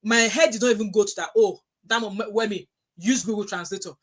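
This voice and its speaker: A middle-aged woman with a Nigerian accent, chatting casually on a livestream, telling animated stories and reading out viewer comments. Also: medium pitch, fast talker, a little hiss or hum. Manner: animated storytelling with frequent restarts, reads out chat messages.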